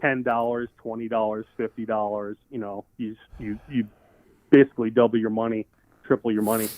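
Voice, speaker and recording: A man's voice: fairly low pitch, little pitch movement, brisk, no echo. A man co-hosting a podcast, chatting casually and animatedly, restarting often and swearing casually. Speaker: podcast co-host. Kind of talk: casual chat. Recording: dry tinny phone-like audio.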